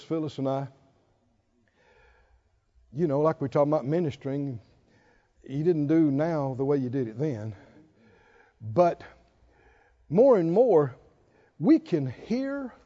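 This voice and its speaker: A man's voice: fairly high pitch, mellow. An older man preaching a sermon in an emphatic, folksy way with bits of humor, on a slightly dull lo-fi recording. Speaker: pastor.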